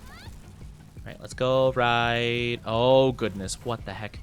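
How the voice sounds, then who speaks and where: Faint music plays behind a male VTuber who takes it slowly in a mid-range voice while commenting on live gameplay. He sounds bubbly and excitable, giggling and rambling with lots of filler words.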